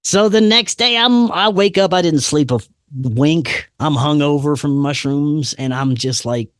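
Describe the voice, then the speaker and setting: A man's voice: fairly high pitch, a little slow, dry recording. Laid-back man, dry sound. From Louisiana, US. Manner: laid-back, peppers talk with "man" and "dude". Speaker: podcast host. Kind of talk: casual storytelling.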